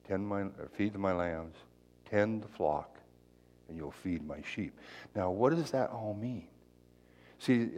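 A man's voice: deep voice, darkish tone. A male pastor giving a conversational sermon in a folksy, chatty way, full of asides and rhetorical questions.

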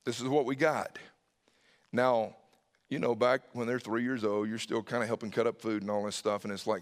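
A man's voice: medium pitch, fairly even intonation, moderate pace, long reverb tail. A middle-aged man preaching a sermon as a pastor, telling a family story, acting out the dialogue, and sometimes dropping to a whisper.

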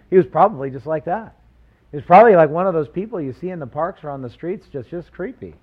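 A man preaching a sermon, animated, with rhetorical questions and acted-out quotes. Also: on the high side, quick pace, lo-fi sound. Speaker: pastor.

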